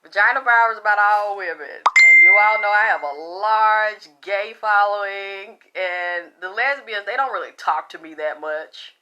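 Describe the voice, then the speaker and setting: A middle-aged woman talks loosely and bluntly, full of profanity and restarts as she rambles along. Her voice is bright and forceful, at an ordinary pitch for a woman. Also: normal speed, few pauses, smooth, highs cut off. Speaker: spiritual talk show host. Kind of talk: casual profane monologue.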